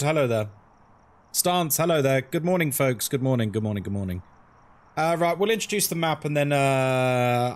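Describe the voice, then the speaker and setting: Lively chatty man streaming. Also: fairly high pitch, slight background noise. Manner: chatty, greets viewers by name, quick jokes. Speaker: horror game streamer. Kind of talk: casual live-stream chat.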